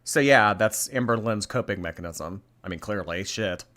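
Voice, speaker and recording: Chatty guy streamer, blunt and sweary, bright voice. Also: fairly low pitch, normal speed. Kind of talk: casual reaction stream.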